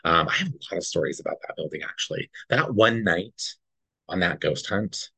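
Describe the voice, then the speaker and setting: A man's voice: sits low, animated, a little fast, vocal fry, sharp tone, slightly rough, no echo. A man co-hosting a podcast, earnestly telling a personal story in a rambling, casual way and often checking in with "right?". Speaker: podcast co-host.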